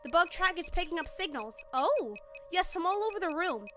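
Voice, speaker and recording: A young woman with a high, bright voice reads a visual novel aloud on her stream, animated and excitable. She chats loosely with viewers and swears now and then. Game music runs underneath. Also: normal speed. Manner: animated, excitable, breaks into sudden shrieks and laughter.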